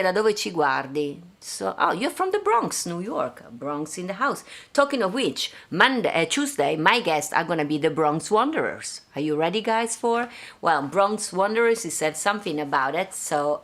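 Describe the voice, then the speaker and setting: Italian woman chatting on her home livestream, a bit low, lots of uhs, drifts into italian and french. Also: fairly bright tone. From Italy. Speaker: host. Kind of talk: casual live-stream chat.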